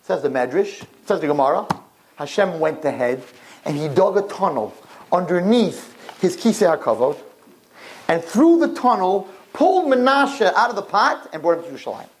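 A man delivering a sermon in a high voice that swings widely as he tells a story. He uses dramatic storytelling and hammers his points home with emphatic repetition. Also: very animated, moderate pace, low-quality recording. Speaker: religious teacher addressing girls.

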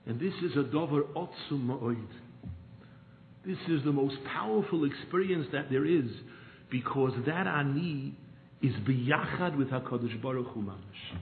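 A man giving a sermon, swinging from impassioned pleas to hushed storytelling. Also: medium pitch, moderate pace, vocal fry, reverberant. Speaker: rabbi giving a talk. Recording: tinny phone-line sound with faint noise.

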